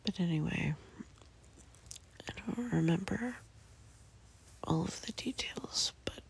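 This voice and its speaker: A sleepy person just woken up, speaking in a soft, hesitant whisper from bed. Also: mid-range voice, takes it slowly, gravelly, poor audio. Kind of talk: whispered casual monologue. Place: in bed, indoors.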